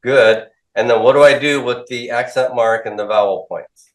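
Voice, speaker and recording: A man's voice: mid-range voice, moderate pace. Male teacher quizzing a class. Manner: quizzing students, repeating their answers back. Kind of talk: classroom lecture with call-and-response drills. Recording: echoey classroom.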